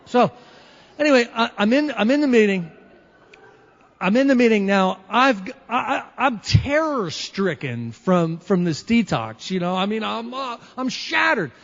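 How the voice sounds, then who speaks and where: A man shares his recovery story before a meeting, lively and wry, acting out scenes from his past. His voice sits fairly high. The old recording is dull and lo-fi, with his words ringing on in a long hall reverb. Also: unhurried, gravelly. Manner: animated, wry storyteller who acts out moments.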